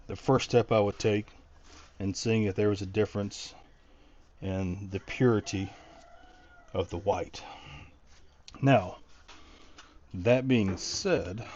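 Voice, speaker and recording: A middle-aged man with a lowish voice talks through his home project in a loose, rambling way, often restarting his thoughts. The sound is a bit dull and lo-fi, like a basic home video recording. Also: darkish tone, slight background noise. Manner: rambling, thinking aloud with many restarts. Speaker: DIY vlogger. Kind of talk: casual DIY walkthrough.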